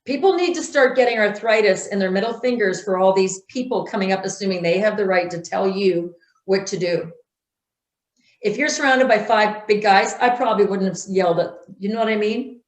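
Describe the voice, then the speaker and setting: A woman's voice: mid-range voice, a little fast. Outspoken woman telling stories in an interview, punchy delivery, bit of room echo. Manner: blunt, emphatic storytelling with acted-out quotes. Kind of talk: conversational interview.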